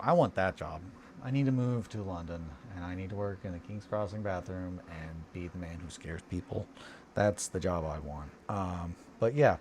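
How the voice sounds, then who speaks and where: Male hobby streamer with a lowish voice, rambling casual chat, faint noise behind. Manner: rambling, chatty storytelling.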